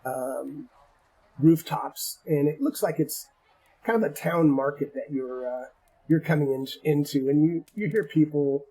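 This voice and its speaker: Husky-voiced man narrating a tabletop game. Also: a little high, dark tone, poor audio. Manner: halting, repeats words often. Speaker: game master.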